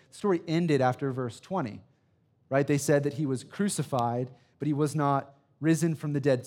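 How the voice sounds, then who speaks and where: A man in his thirties, serving as a student pastor, preaches a sermon in a church sanctuary with a medium-pitched, slightly mellow voice. His phrasing is emphatic and repetitive, he frequently checks in with "right?", and he shares personal stories.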